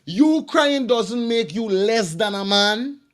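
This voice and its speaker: High-voiced man preaching slowly. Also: expressive, fairly bright tone. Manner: preachy, emphatic, repeats phrases. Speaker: online commentator. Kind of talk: impassioned commentary.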